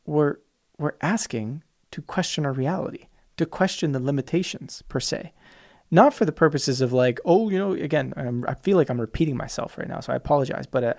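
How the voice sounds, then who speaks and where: A man's voice: a little high, creaky, a little mellow. A man hosting a podcast alone, talking passionately and emphatically, sometimes mimicking opposing views in mocking voices. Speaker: podcast host. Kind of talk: solo podcast monologue.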